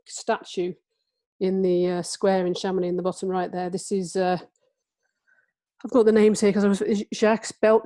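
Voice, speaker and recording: A woman in her forties from England talks about her book to a listening audience, halting often with fillers and restarts. Her voice is mellow and fairly flat in pitch. The sound is dry and close. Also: vocal fry, dry recording. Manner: hesitant, many fillers and restarts. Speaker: author giving a book talk. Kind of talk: illustrated talk with book reading.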